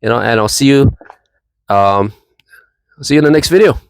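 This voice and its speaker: Relaxed man chatting in a fan vlog. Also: mid-range voice, moderate pace, clear, resonant tone, dry recording, poor audio. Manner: easygoing banter with fillers. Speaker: football fan vlogger. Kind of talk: casual reaction vlog.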